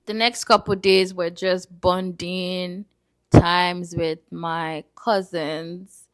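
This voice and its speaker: A woman from Nigeria, narrating a travel vlog as an animated, chatty storyteller. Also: fairly low pitch, drawn-out words. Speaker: vlogger.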